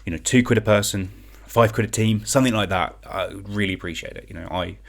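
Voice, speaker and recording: A man's voice: fairly low pitch, fast talker, creaky. A young man from England hosting an online quiz, chatting casually and rambling as he reads out comments. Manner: chatty, rambling, self-deprecating, sings song clues in gibberish syllables.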